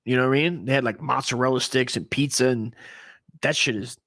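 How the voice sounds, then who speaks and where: A man's voice: mid-range voice, a little fast, a bit bright. Profane rambling male storyteller. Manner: profane, rambling, full of fillers; earnest when he gets serious. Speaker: comedy podcast host. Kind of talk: casual storytelling.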